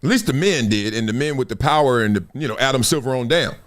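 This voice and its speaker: A man's voice: mid-range voice, expressive, fast talker, a bit bright. A middle-aged man hosting a live stream, reading out news and breaking into slangy, laughing asides. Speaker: host.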